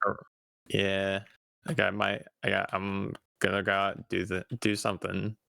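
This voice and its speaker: A young man chats loosely on a livestream, laid-back and quick to giggle. His voice is low with a gravelly fry. The sound is dry. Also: completely flat delivery, sharp tone, dry recording. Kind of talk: casual chat on a livestream.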